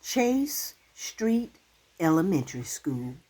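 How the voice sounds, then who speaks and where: A woman in her sixties who hosts her own channel and talks straight to camera. Her voice is soft and breathy and lower than most, and she speaks slowly. It rises and falls a lot, and her manner is heartfelt, halting and emotional. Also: very animated. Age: 60s. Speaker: channel host. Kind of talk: casual talk to camera.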